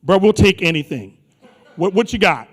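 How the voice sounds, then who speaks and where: A man's voice: high voice, expressive, normal speed. A man emceeing a conference on stage, teasing the crowd in a playful, slangy way. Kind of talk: joking crowd work on stage. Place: large conference hall. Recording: live hall with long reverb.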